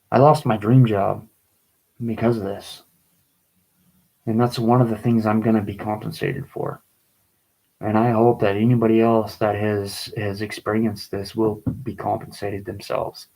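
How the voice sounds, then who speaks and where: A man reading and explaining his own poem in a video, pleading and agitated, his voice rising into angry bursts, with halting restarts. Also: lowish voice, darkish tone, rough recording. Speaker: vlogger.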